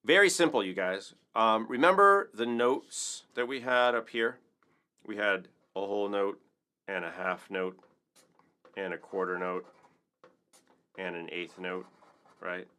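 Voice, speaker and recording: A man's voice: fairly low pitch, a little slow, long pauses, bright, forceful tone, clean tone. A man teaching a casual rhythm lesson, upbeat and chatty, counting beats aloud. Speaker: percussion teacher.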